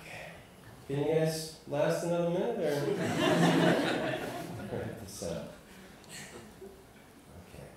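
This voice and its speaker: A man's voice: on the high side, wildly swooping pitch, slow, pauses often. A man doing a stand-up comedy set, chatting with and teasing the crowd, swearing freely. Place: live comedy venue. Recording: echoey room, far from mic, noisy.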